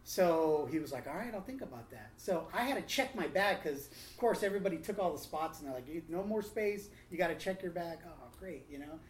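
A man telling a testimony and preaching to a small group, lively and acting out other people's lines. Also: on the high side, a little fast, hardly any pauses. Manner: animated storytelling, acts out quotes. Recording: roomy echo, faint room noise.

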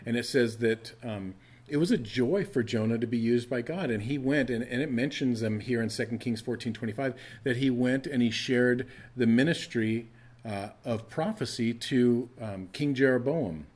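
A man's voice: mid-range voice, moderate pace, a little mellow. A middle-aged male pastor preaching a sermon in a conversational way, often restarting his phrases.

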